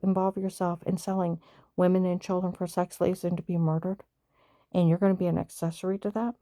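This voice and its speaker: A woman's voice: on the low side, dark tone, no echo, studio quality. A woman delivering an angry personal monologue, indignant and emphatic, who says she stutters when upset. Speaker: vlogger.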